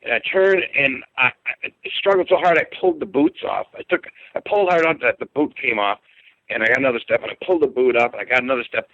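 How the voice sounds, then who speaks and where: A man tells a long personal story in plain, casual speech, stumbling over words and restarting his sentences. His pitch sits in a middle range but leaps upward at the tense moments. The sound is dry and narrow, like a phone call. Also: no echo. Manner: halting, repeats words and restarts, pitch jumps when excited. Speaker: guest telling an encounter story. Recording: dry phone-line audio.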